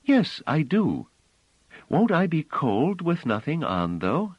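A man reading an audiobook, voicing a shy alien little girl who speaks in high, piping, hesitant tones. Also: huge pitch swings, slow pace, breathy edge, dry recording, lo-fi sound, heavily acted. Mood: timid.

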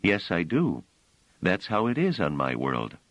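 A man reading an audiobook, voicing a gentle, protective young woman who talks softly and reassuringly. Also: low-pitched, huge pitch swings, measured pace, dry recording, highs cut off, exaggerated voice. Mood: soothing.

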